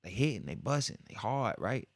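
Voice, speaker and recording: A young man spins a rambling road-trip story on his podcast, his voice low and gravelly. He talks in loose slang, jumping into other people's voices as he goes. The sound is dry and close, with no room around it. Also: normal speed, no echo. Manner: slangy, animated, acts out quoted voices. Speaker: podcast host. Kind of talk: casual storytelling.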